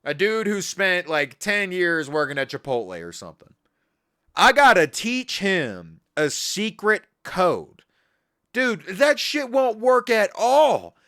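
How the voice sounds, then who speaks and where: A man's voice: high voice, very animated, takes it slowly, pushed and bright. A man live-streaming, reacting in a casual, profane, incredulous and mocking way. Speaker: livestreamer.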